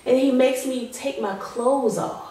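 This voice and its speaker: A woman being interviewed as a guest, giving an emotional personal testimony in an earnest way. She slows down on heavy moments. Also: sits high, mellow. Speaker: guest sharing her survival story. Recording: very echoey room, voice far from mic.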